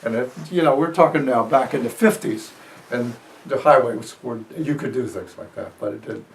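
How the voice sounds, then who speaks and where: A man's voice: medium pitch, normal speed, gravelly, recorded from a distance. A man in his eighties from New Jersey, telling old stories in a rambling, chuckling way during an interview. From New Jersey, USA. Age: 80s. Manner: rambling storyteller, fillers and chuckles. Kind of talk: reminiscing interview.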